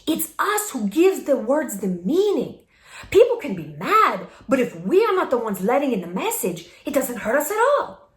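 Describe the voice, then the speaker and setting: A woman putting on a Mexican Spanish accent to impersonate a calm, wise actress. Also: high voice, moderate pace. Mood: earnest. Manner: paraphrasing with a put-on accent, emphatic. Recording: echoey room.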